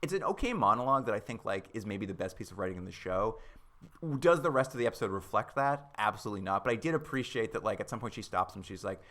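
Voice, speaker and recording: Bright-voiced man recapping a show. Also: fairly low pitch, fast talker. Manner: animated, sarcastic, acts out quotes. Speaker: podcast co-host. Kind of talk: casual chat recapping a TV episode.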